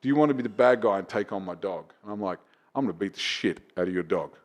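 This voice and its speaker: A man, a comedian guest on a casual podcast, telling a profane story that climbs to loud, excited retelling. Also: on the low side, quick pace.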